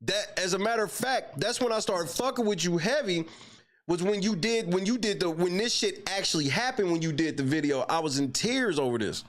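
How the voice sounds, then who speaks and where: A man with a high voice that swings widely in pitch, hosting a casual reaction show. He curses freely and keeps breaking into laughter as he talks. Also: animated, a little fast. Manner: loud laughing, profane, swaying between high and low pitch. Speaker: show host.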